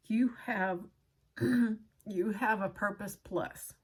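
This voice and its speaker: A woman hosting her channel, reading a book aloud with casual personal asides. She is earnest and emotional and pauses often to apologize. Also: medium pitch, steady tone, breathy edge.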